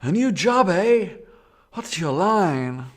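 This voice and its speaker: A man doing a blunt, folksy country coach driver with a New England accent, talking well above his own pitch and loud. He chatters in plain, homespun phrases, as in a tabletop horror game. Behind it is the same lively delivery as the narrator. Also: slow pace, exaggerated voice. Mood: chatty.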